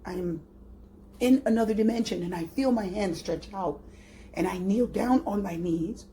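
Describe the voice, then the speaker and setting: Soft-spoken woman guiding a dreamy meditation. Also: medium pitch, moderate pace, slight background noise. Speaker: tarot reader. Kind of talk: guided spiritual meditation narration.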